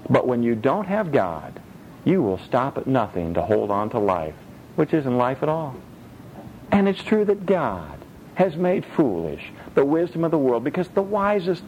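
A male preacher giving a sermon in an animated, dramatic, joking way. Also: medium pitch, lo-fi sound, slight background noise.

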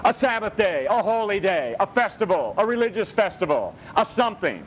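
A male pastor preaching a sermon, blunt and animated, swinging between high and low. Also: moderate pace. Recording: dull lo-fi with faint rumble.

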